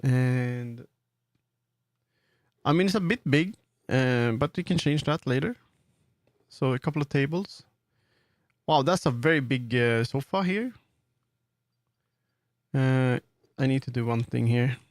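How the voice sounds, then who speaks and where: A man's voice: medium pitch, unhurried, pauses often, dry recording, studio quality. A man with a Swedish accent, streaming and chatting casually as he builds in 3D, rambling with many fillers and restarts. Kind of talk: casual live-stream commentary while working in 3D.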